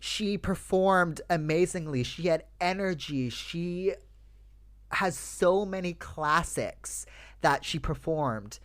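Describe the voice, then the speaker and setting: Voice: medium pitch, expressive, slow pace, a bit bright, no room sound. Young podcast host on a solo rant, swears a lot, keeps saying you guys, dry close sound. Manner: ranting, swears freely, addresses listeners as "you guys". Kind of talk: casual solo podcast chat.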